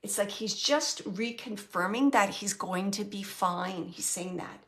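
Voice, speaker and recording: A woman medium giving a live reading to an audience member, talking in a halting, searching way with soft whispered asides. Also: mid-range voice.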